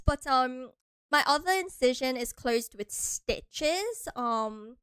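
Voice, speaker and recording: A woman's voice: a little high, lively intonation, extremely slow, long pauses, fairly bright tone, clean tone, dry recording. A young American woman streaming and chatting casually with her viewers, playful and giggly. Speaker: vtuber streamer.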